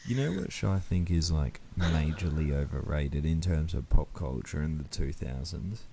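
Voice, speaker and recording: A man's voice: rumbling low, expressive, moderate pace, gravelly, dark tone, slight background noise. A man in casual podcast chat, laid-back and mostly agreeing. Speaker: podcast co-host.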